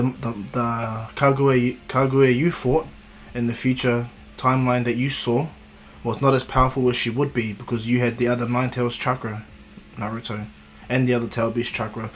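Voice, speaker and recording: A man voicing an ancient, wise male sage who speaks in a measured, fatherly way and explains at length. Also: mid-range voice, natural voice.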